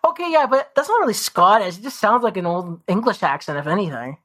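A woman's voice: mid-range voice, lively intonation, fast talker, a bit bright. A woman co-hosting a podcast in casual chat, rambling with many fillers. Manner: rambling, heavy use of "like" fillers. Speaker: podcast co-host.

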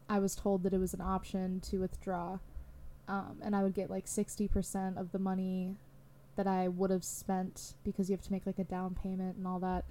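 A woman's voice: medium pitch, dark tone. A young adult woman hosting a solo podcast, talking candidly in a rambling way with lots of fillers. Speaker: podcast host.

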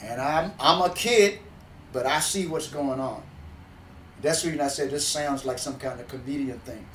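A man from the backwoods telling a folksy story in an animated, plainspoken way, often restarting mid-sentence. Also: mid-range voice, normal speed, roomy sound, distant mic, a little hiss or hum, rough recording. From backwoods countryside.

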